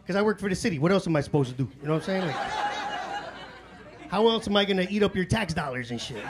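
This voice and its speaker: A man works a comedy club stage, his voice sitting high for a man. He talks in loose, profane street slang and jumps into little acted-out voices as he tells his stories. The live recording carries clear room noise around the mic. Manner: acts out his own and others' voices. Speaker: stand-up comedian. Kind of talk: live stand-up storytelling.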